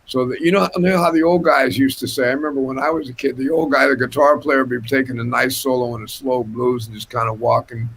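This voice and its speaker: Rich: An older man with a gravelly, husky voice tells a story on a casual panel. His delivery is animated and full of laughter, and he speaks over a home video call. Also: mid-range voice, fast talker, hardly any pauses, low-quality recording. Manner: animated, laughing anecdote teller. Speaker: guest musician.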